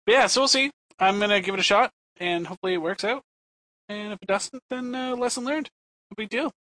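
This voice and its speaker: A man hosting a podcast in a relaxed, casual way, chatting and wrapping up the show. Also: high voice, fairly quick. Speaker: podcast host. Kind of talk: casual chat.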